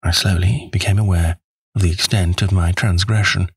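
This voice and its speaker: A man narrating an audiobook in the first person, measured and wry. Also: low-pitched, fairly even intonation, breathy edge, no room sound.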